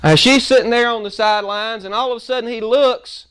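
A man preaching a sermon, telling a folksy story and acting out its scenes with lively energy. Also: very high-pitched, brisk, clear, resonant tone. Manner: animated, folksy, acts out the story.

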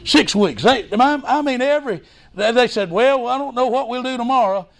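A man preaching a revival sermon as a missionary, fervent and exclaiming glory and hallelujah, breaking in with "hey, listen" and sudden shouts. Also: very high-pitched, lively intonation, moderate pace, gravelly.

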